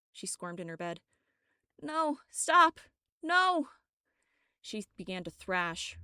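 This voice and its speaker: A woman's voice: on the low side, fairly bright tone, smooth, no echo, clean studio sound. A woman reading an audiobook, voicing a frightened young woman who pleads and cries out from a nightmare. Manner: pleading, shaky.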